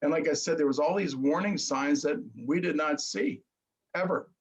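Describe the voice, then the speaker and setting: A middle-aged man telling his story earnestly in casual chat, halting and restarting. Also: on the high side, husky, low-quality recording. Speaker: guest.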